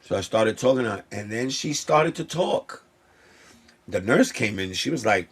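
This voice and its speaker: A man's voice: mid-range voice, lively intonation, normal speed, breathy edge. A man, a sneaker vlogger talking to camera in an emotional, heartfelt way that circles back and repeats itself. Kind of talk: casual talk to camera.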